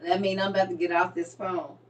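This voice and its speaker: A woman talking casually and playfully to her viewers, laughing often and letting lines trail off quietly. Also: fairly low pitch, level tone, quick pace, recorded from a distance. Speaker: vlogger.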